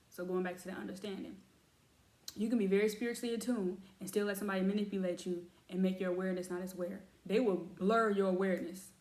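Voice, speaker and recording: A woman's voice: mid-range voice, darkish tone, roomy sound. A woman giving a casual oracle card reading, talking chattily and calling her viewers y'all. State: has cramps. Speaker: tarot reader.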